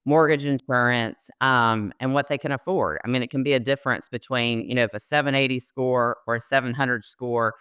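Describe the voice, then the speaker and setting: Bright, smooth-voiced woman explaining credit. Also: extremely low pitch, fairly even intonation, fairly quick, hardly any pauses, no echo, clean studio sound. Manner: explanatory, uses fillers. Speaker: mortgage loan officer, podcast guest. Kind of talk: casual interview chat.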